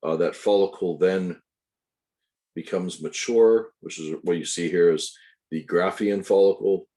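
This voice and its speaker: Low, mellow-voiced male lecturer. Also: a little slow. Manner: explains step by step, corrects himself, asides to students. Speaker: anatomy instructor. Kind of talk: recorded lecture.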